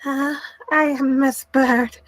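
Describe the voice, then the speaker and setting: A woman's voice: high voice, steady tone, no echo, rough recording. A woman playing a hesitant woman witness. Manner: hesitant, halting. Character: timid adult woman witness on the stand.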